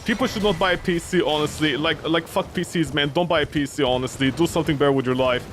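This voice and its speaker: A man's voice: fairly high pitch, quick pace, fairly bright tone, soft background music. A young man streaming a game, rambling and ranting in exasperation, swearing often and sounding weary. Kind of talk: casual gameplay commentary.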